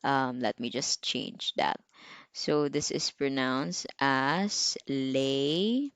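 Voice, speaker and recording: A young woman with a Filipino accent gives a recorded lecture in a low voice. She talks slowly and chattily, with many fillers and little asides, and now and then quizzes her students. The sound is dry and close. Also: fairly bright tone, no echo. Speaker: medical technology teacher.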